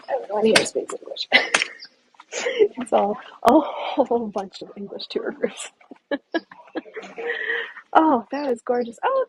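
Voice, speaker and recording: A woman leading a live walking tour outdoors, talking in a relaxed, often hushed way as she walks with her phone. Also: fairly high pitch, background noise. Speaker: tour guide. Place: outdoors in a hillside village.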